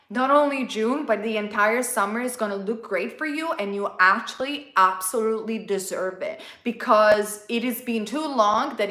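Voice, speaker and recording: Expressive woman, reading tarot casually; sharp bright tone, roomy echo. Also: on the high side. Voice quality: non-native English. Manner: chatty and expressive, playful asides. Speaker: tarot reader.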